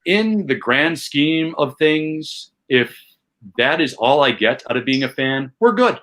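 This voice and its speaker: A man from Chicago, a comedian, telling a fan memory in casual chat with rising excitement and self-mocking asides. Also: fairly high pitch, measured pace. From Chicago, USA. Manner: animated, builds tension, self-mocking. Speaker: podcast guest, comedian.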